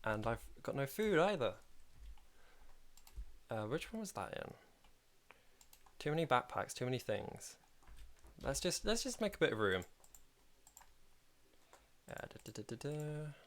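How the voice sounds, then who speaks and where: A man's voice: mid-range voice, very animated, normal speed, long pauses. A man hosting a casual game livestream, talking in a chatty, rambling way and laughing often while he plays. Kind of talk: casual live commentary while playing.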